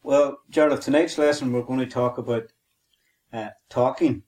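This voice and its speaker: A man's voice: mid-range voice, fairly even intonation, normal speed, darkish tone, faint music behind. A man with a Northern Irish accent co-hosting a podcast, teaching a language lesson methodically and spelling and repeating words.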